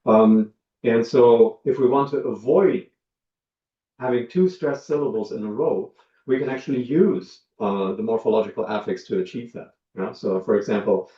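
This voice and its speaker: A man lecturing on linguistics, talking in a measured way with many ums and uhs as he works through examples. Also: medium pitch, dark tone. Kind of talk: academic lecture. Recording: dull lo-fi sound, roomy, from a distance.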